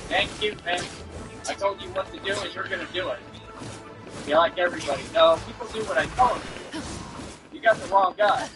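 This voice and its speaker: A man's voice: high-pitched, low-quality recording. A man streaming while he delivers a confrontational, boastful rant at an online critic.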